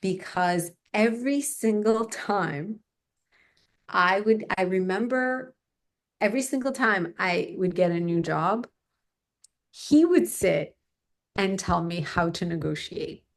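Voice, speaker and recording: A woman's voice: mid-range voice, takes it slowly. A middle-aged woman sharing a personal story as an interview guest. She tells it with animation and slips into the voices of the people she describes. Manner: animated, acts out the people in her stories.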